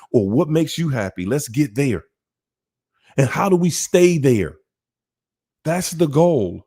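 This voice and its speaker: A man's voice: a little high, sing-song, slow pace, pauses often, mellow, slightly rough. A man, hosting a casual monologue about relationships in an emphatic, repetitive, preachy way. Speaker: host.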